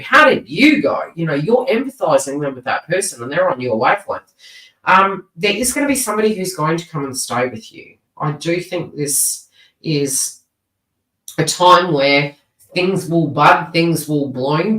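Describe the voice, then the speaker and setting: A woman's voice: sits low, expressive, normal speed, a bit bright, distant mic. A woman giving a live-streamed tarot reading, chatty and rambling, with frequent asides and restarts. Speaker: tarot reader. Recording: roomy sound, voice away from the mic.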